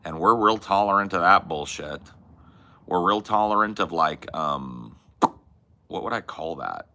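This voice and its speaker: A man's voice: sits low, animated, measured pace, bright, forceful tone. A Californian man co-hosting a podcast, chatting loosely and rambling with lots of fillers. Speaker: podcast co-host. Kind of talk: casual chat.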